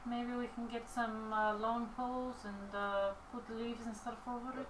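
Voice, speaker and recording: A woman's voice: fairly high pitch, flat delivery, normal speed, few pauses, slight background noise. A woman playing a tabletop game in casual chat, talking hesitantly with many fillers, recorded in a roomy space from a distance. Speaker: player.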